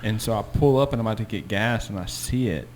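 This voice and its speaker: A man in casual podcast chat, relaxed, chiming in with his own side stories. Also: on the low side, quick pace, a little hiss or hum.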